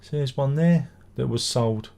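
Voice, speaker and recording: The middle-aged man hosting this live stream has a medium-pitched, mellow voice with vocal fry, and he speaks a little slowly. He reads viewer comments aloud and replies with rambling, exclamatory chatter that includes swearing.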